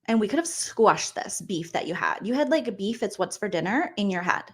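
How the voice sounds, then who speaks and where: A woman's voice: medium pitch, animated, brisk, fairly bright tone, natural voice. A woman voicing a sulky, ditzy young woman who says "like" constantly. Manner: filler "like" everywhere, whiny.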